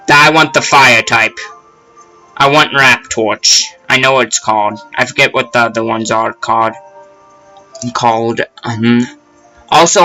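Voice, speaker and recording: A man's voice: medium pitch, sharp tone, low-quality recording. A young man giving casual, rambling let's play commentary with self-deprecating asides. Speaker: gaming channel host.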